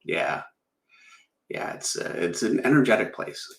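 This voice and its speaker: Middle-aged guy hosting a stream, low voice, rambly and self-deprecating, echoey room. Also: expressive, unhurried, vocal fry. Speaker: artist and livestream host. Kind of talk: casual livestream chat. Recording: roomy echo.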